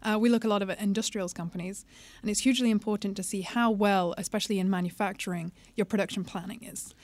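A woman with a British accent, a podcast guest explaining a finance term clearly and briskly. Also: mid-range voice, steady tone, darkish tone, no echo. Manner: brisk, explanatory, good-humored. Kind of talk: casual podcast chat.

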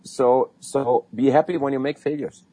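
A man with a German accent answering as a guest in an interview, animated and full of restarts. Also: mid-range voice, normal speed, breathy edge. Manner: animated, acts out sales calls, frequent restarts. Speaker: guest sales expert.

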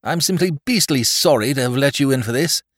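A man's voice: medium pitch, expressive, brisk, a bit bright, dry recording, clean studio sound, pitched above the performer's own voice. A man voicing an aristocratic young man stuck in a bog, breathless and making upper-class small talk. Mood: strained.

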